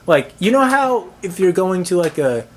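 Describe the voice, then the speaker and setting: A man's voice: high voice, very animated, a little hiss or hum. A man tells a camera how a movie night went wrong, swearing often and sounding thoroughly exasperated. His delivery rambles, stumbling through restarts and filler words as he complains. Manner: halting, full of restarts and "like". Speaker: movie reviewer. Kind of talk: ranting movie-theater story.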